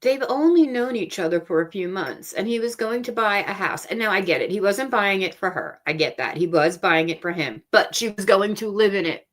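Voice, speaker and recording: A woman's voice: mid-range voice, animated, brisk, hardly any pauses, a bit bright. A woman hosting a casual livestream chat from home, talking freely, laughing often and trailing off mid-thought. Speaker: livestream host.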